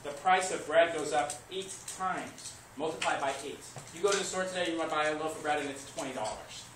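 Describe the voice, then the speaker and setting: A man teaching history to a class, lively, asking questions and answering them himself. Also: on the high side, a little fast. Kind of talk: classroom lecture. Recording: echoey classroom recorded from far off, noisy.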